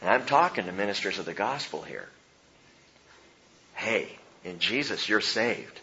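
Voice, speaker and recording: A male pastor preaching a sermon, animated, swinging between loud emphasis and hushed low lines. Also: measured pace, highs cut off.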